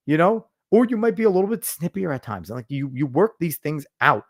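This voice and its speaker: Male podcast host, a bit high-voiced, blunt and foul-mouthed, pitch leaping all over while he rants. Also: big pitch swings, brisk, hardly any pauses. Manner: blunt, profane ranting; emphatic, lectures the listener. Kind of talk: casual podcast commentary.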